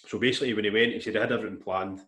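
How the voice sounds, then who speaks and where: A man telling a long story in casual chat, rambling and animated, with restarts and swearing. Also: on the low side, rapid-fire. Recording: echoey room.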